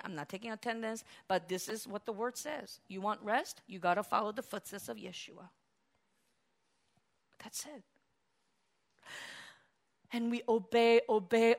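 A woman pastor preaching a sermon, animated, swinging from hushed, quiet stretches to loud exclamations. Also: high voice.

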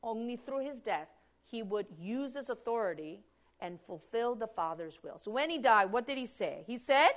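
A woman preaching a Bible sermon, posing rhetorical questions and answering them, shifting from hushed lines to loud emphasis. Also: a little high, expressive, moderate pace.

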